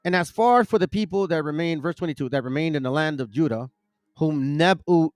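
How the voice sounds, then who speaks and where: Casting: higher-voiced man, loose bible-study host who trips over names, dry close recording. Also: brisk, smooth, no echo, soft background music. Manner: rambling, self-correcting, stumbles over names. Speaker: bible teaching channel host. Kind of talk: casual religious teaching and scripture reading.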